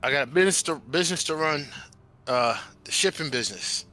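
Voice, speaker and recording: A man's voice: on the high side, brisk, pushed and bright, faint music behind. Young male merchant character, awkward and rambling, in a tabletop game, played by a man in his own voice. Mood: sheepish. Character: young male shipping merchant with a stuck twang.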